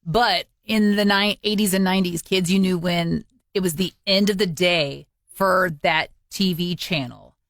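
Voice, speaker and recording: Low-voiced woman, relaxed podcast storytelling. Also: dry recording, studio quality. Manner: relaxed storyteller, quick "mm-hmm" agreement. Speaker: podcast co-host. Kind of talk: casual podcast chat.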